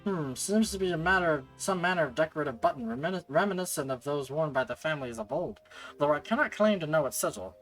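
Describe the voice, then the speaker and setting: A man reading aloud the lines of a brisk woman in a game, in formal, old-fashioned phrasing. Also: on the high side, expressive, a bit bright, faint music behind, rough recording. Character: brisk woman archer giving directions.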